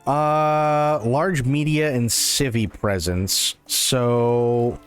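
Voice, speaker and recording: A man's voice: medium pitch, steady tone, very slow, smooth, faint music behind. A man streaming a video game, reacting in a laid-back, muttering way. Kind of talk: casual game commentary.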